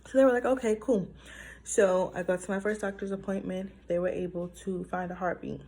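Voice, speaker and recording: A woman's voice: lowish voice, fairly quick, a little mellow. A young adult woman telling a personal story in a casual vlog, emotional and full of fillers. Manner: emotional, talks through it with fillers. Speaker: vlogger sharing a personal story.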